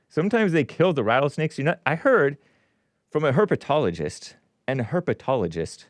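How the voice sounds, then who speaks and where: Male host, casual commentary with sarcastic asides, mid pitch, very animated, dry close sound. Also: no echo. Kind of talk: casual commentary reading news aloud.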